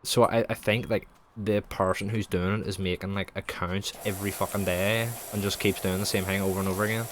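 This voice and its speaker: A man's voice: low-pitched, level tone, fairly quick, few pauses, a little hiss or hum, rough recording. A young man, rambling and swearing through casual stories while streaming a game. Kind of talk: casual chat while gaming.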